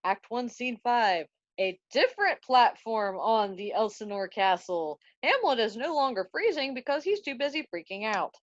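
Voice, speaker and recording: A woman's voice: fairly high pitch, lively intonation, normal speed, few pauses, no room sound. A woman student retelling a play in a chatty, slangy way, on a dry, dull recording. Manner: slangy, chatty, laughs at own jokes. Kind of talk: casual story retelling.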